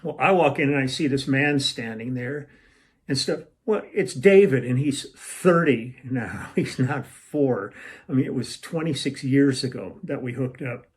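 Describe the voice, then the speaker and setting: At home in a room with a shelf, an older musician unhurriedly spins a long, wandering tale from his touring days. His mid-range voice carries a casual, rambling delivery as he performs the quoted words of the people involved.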